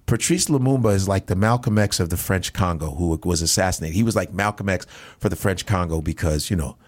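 Animated Nigerian-born man telling stories. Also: low-pitched, fairly quick. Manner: animated, acts out voices in his stories, swears freely. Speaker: comedian guest. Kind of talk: casual podcast storytelling.

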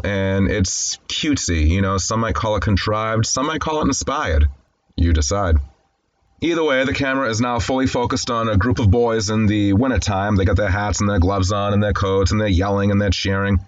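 A low-voiced man talks through a film scene by scene, reading its dialogue aloud and adding wry, conversational asides. The sound is a little dull and lo-fi. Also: no echo. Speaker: host. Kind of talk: film commentary and scene description.

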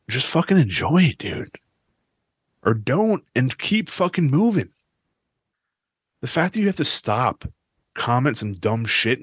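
A man's voice: lowish voice, fairly bright tone, dry recording, studio quality. A man hosting his own podcast, ranting casually with lots of swearing. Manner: profane, ranting, restless. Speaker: podcast host.

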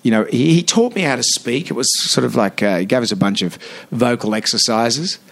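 A man in his fifties with an Australian accent, a radio host chatting as a guest in a podcast studio, telling animated stories with many restarts. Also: mid-range voice, brisk, gravelly. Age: 50s. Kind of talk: casual interview chat.

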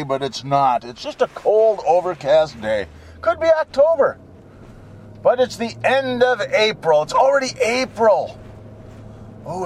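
An older man talks in a slow, meandering monologue, his fairly high voice swinging up and down as he cracks jokes and chuckles at them. Faint road noise hums behind him in a moving vehicle. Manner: jokey, rambling, laughs at his own jokes. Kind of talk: rambling casual monologue.

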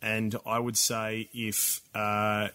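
A man co-hosting a casual gaming podcast, chatty and prone to excited outbursts. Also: takes it slowly, clean tone. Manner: excitable, laughs often, pitch jumps when hyped. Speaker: podcast co-host. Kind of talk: casual chat.

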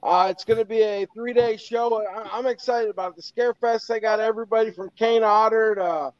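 A man's voice: sits high, fairly even intonation, brisk, smooth, lo-fi sound. A man, a guest, chatting casually and cheerfully about an upcoming trip. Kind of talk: casual chat.

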